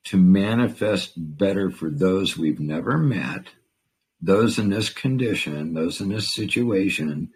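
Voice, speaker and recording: Low husky man hosting a call-in. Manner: effusive, talks over callers with big spiritual claims. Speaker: host. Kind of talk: casual live call-in chat.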